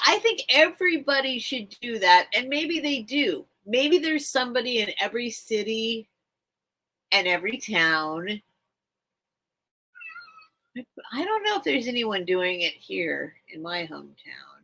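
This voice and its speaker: A woman's voice: on the high side, big pitch swings, unhurried, bright, forceful tone, low-quality recording. A woman hosting a late-night livestream, rambling and chatting casually while she reads the chat, at home. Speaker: host of a live vintage sale stream.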